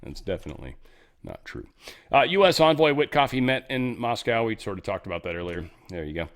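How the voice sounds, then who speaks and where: A man's voice: mid-range voice, big pitch swings, a little fast. A man hosting a casual news commentary show, rambling and sarcastic, swearing now and then and slipping into mock voices. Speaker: host.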